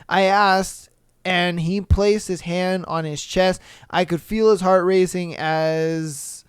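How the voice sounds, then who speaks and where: A man's voice: high voice, clear, resonant tone, dry recording, studio quality. A man hosting a podcast, reading listener stories aloud and reacting in a laid-back, chatty way with crude jokes. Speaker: podcast host.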